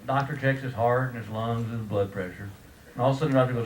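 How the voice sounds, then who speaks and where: A man's voice: medium pitch, steady tone, fast talker. A man, doing a stand-up comedy routine and acting out the voices of the people in his story. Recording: distant echoey recording with loud background noise.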